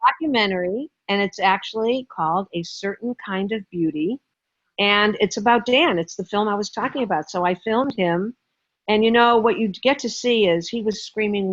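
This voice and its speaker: A woman's voice: medium pitch, normal speed, dry recording, lo-fi sound. A woman guest teaching writing in an interview, speaking emphatically and acting out little stories in different voices. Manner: emphatic, acts out stories in character. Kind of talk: animated interview talk.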